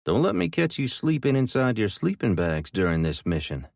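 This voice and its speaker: A man voicing a gruff army team leader barking brisk orders. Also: fairly low pitch, sing-song, a little mellow, dry recording, studio quality, voice pushed up. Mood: commanding.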